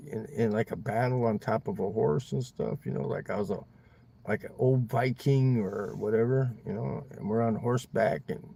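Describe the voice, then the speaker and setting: A man's voice: mid-range voice, vocal fry, darkish tone, slightly rough. A man livestreaming from inside his car, chatting loosely with viewers, rambling and swearing, ending lines with "man". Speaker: livestream host. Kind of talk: casual chat with viewers.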